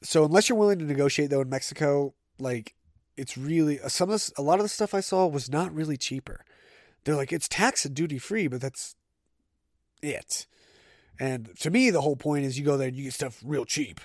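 A man's voice: a little high, brisk, a little mellow, no room sound, clean studio sound. A man hosting a casual solo podcast, telling stories in a chatty, conversational way. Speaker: podcast host.

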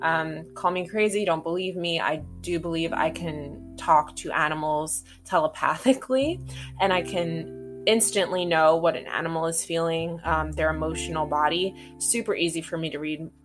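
A woman's voice: low-pitched, moderate pace, music in the background. A woman host talking casually and chattily, with many fillers and some swearing. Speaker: spiritual podcast host. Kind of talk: casual monologue.

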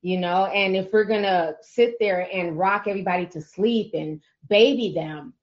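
A woman hosts a call-in show in a conversational, affirming way, her voice at a middle pitch. The audio is dull and lo-fi. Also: moderate pace. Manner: conversational, affirming, many "you know"s. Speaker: host.

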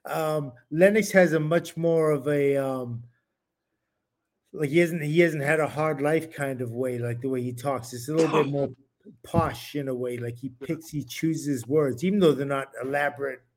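A man's voice: fairly high pitch, moderate pace, darkish tone. A man co-hosting a podcast, pushing back on his partner in casual debate and laughing easily. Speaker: podcast co-host.

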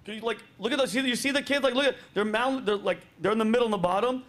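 Speaking very fast in a very high voice, this middle-aged podcast host tells stories casually. He's a lively, foul-mouthed raconteur who swears without restraint.

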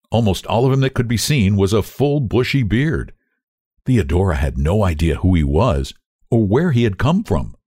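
A man narrating a storybook in an expressive reading voice. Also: on the low side, no room sound, studio quality. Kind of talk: audiobook reading.

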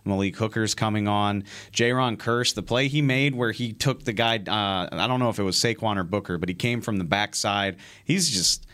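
A man co-hosting a sports talk show, opinionated and quick, running through players one by one. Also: fairly low pitch, a bit bright.

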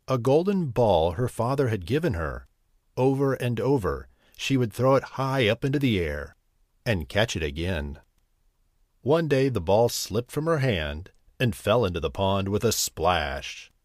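A man hosting a bedtime story channel, reading a fairy tale gently. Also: fairly low pitch, dry recording, studio quality. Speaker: storyteller host.

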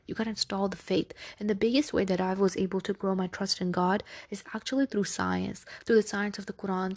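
A woman's voice: medium pitch, gravelly, a little mellow, husky. A woman hosting a podcast, talking in a casual, earnest and reassuring way that often checks in with "right?". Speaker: podcast host. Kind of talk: casual religious podcast talk.

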